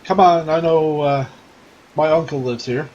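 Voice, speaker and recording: A man's voice: fairly high pitch, unhurried, a little mellow, lightly acted. A young man bluffing that he knows the way, voiced by a tabletop game master in nearly his own voice. He sounds hesitant beneath the show of confidence. The recording is slightly muffled, with faint hiss. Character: young man, bluffing nephew, unsure of himself.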